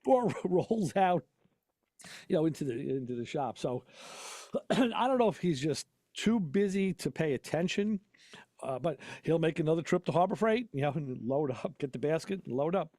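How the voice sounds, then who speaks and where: Man, slightly higher voice, rambling storyteller, laughing often, dry sound. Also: expressive, moderate pace, darkish tone, no echo. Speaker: podcast host and auto mechanic. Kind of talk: casual chat.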